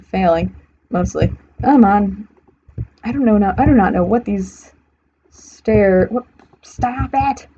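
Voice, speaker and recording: A woman's voice: mid-range voice, slow pace, pauses often, warm tone. A young woman streaming a building game, rambling to herself as she works and often correcting herself mid-sentence. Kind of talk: casual gameplay commentary. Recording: slightly muffled stream audio, faint hiss.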